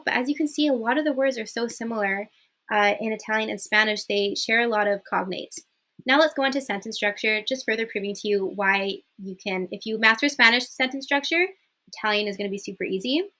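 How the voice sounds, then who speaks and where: A young woman with a bright, crisp voice gives an upbeat online language lesson. She talks in a chatty, friendly way, sits a little higher than most women in pitch, and apologizes now and then for mixing up her accents. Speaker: Spanish teacher.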